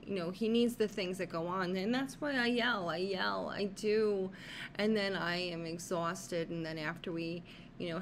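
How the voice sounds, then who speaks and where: Brief: lower-voiced woman caregiver, shaken and worried, halting video-diary talk, faint room hum behind. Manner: halting, repeats herself, many fillers. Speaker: caregiver to her husband.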